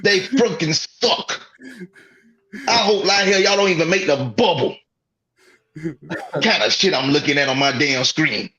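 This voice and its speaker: A man's voice: fairly high pitch, normal speed, bright, forceful tone. A man co-hosting a sports talk show, ranting in an exasperated, profane way. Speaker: podcast co-host. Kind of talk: heated sports rant.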